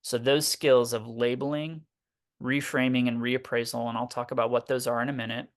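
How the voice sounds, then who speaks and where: A man's voice: mid-range voice, flat delivery, normal speed. A man working as a therapist, explaining ideas in a casual, conversational way, sometimes swearing and acting out examples of inner self-talk. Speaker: therapist guest.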